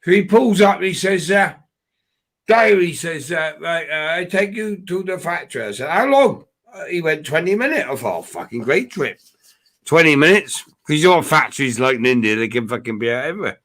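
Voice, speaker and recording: A man's voice: a little high, animated, fast, hardly any pauses, a bit bright. A man co-hosting a casual pub-style chat, swearing freely as he rambles through travel anecdotes. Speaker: podcast co-host.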